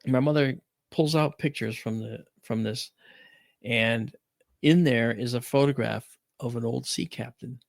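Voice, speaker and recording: Gravelly-voiced man telling a story. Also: mid-range voice, unhurried, no echo, studio quality. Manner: rambling, emphatic, with restarts. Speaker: radio show host. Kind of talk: casual storytelling chat.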